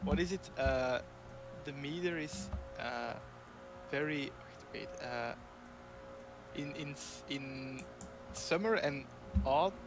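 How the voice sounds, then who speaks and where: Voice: mid-range voice, takes it slowly, rough recording. Hesitant speaker with music behind. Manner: hesitant, searching for words. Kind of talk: casual chat. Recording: music clearly playing behind.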